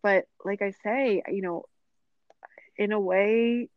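A woman's voice: mid-range voice, steady tone, slow, no echo. Woman guest rambling in a chill way, lots of fillers, laughs a bit, muffled lo-fi sound. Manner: chatty and reflective, many "you know" fillers, laughs often. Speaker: guest, yoga teacher and mother. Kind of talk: casual podcast conversation. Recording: dull, lo-fi sound.

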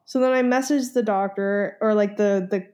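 A woman co-hosting a podcast, telling a story in casual chat, animated and swearing freely as she acts out phone calls. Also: medium pitch, moderate pace. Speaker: podcast co-host.

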